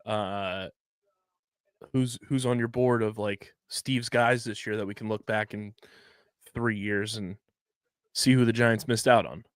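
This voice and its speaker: A man's voice: lowish voice, steady tone, unhurried, long pauses, no echo. A man hosting a casual chat, teasing and hyping up his friends.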